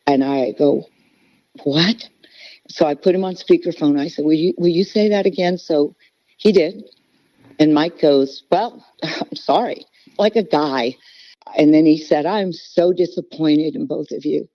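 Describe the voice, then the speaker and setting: Speaking at a normal speed in a voice that sits low, a middle-aged woman shares a personal story earnestly and with emotion as a podcast guest. The recording has a dull, lo-fi quality.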